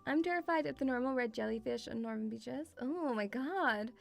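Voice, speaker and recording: A woman's voice: high voice, moderate pace, creaky. A young woman chatting on a stream, rambling with lots of fillers and swearing. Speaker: VTuber streamer. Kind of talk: casual stream chat.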